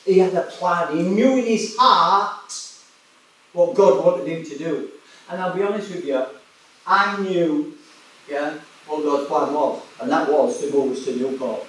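A man's voice: a little high, unhurried, a bit bright, a little hiss or hum. Preacher man in an echoey room. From West Yorkshire, England. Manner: chatty anecdotes, laughing often. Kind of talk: sermon storytelling. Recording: echoey room, distant mic.

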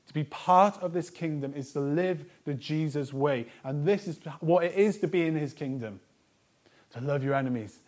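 A male pastor delivers an earnest sermon at a normal speed, leaning hard on repeated lists. His voice swings between soft, low passages and loud bursts of emphasis.

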